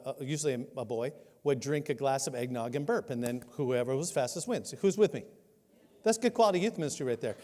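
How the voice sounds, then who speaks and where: A man in his sixties preaching a sermon, telling a funny story with self-mocking humor and animated delivery. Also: on the high side. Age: 60s. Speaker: pastor. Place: church sanctuary. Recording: long hall reverb.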